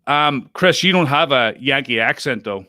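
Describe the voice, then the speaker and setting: A man's voice: medium pitch, animated, moderate pace, pushed and bright, dry recording, clean studio sound. A man hosting a podcast, chatting casually with guests, self-interrupting and laughing often. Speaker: podcast host. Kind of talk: casual group chat.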